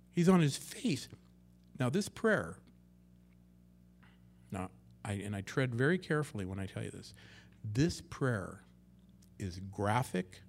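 Male pastor, conversational sermon, mid-pitched voice, dynamic loud-soft delivery, acts out quotes. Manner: conversational, swings between loud and hushed.

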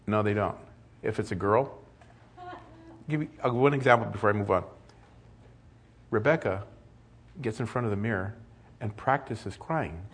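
Older male pastor with a husky low voice. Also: normal speed, long pauses. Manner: conversational, joking asides. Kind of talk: sermon.

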